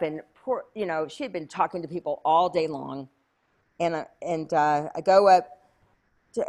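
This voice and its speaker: A woman telling a story as an interview guest, lively and chatty, acting out other people's voices with many fillers. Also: fairly low pitch. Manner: animated, acts out quoted voices, many fillers. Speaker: interview guest, speaker and coach.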